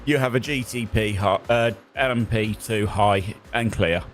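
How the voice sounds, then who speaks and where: Man calling race traffic. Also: lowish voice. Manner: brisk, jokey, calls traffic in short bursts. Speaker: race spotter. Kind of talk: live radio spotting during a sim race.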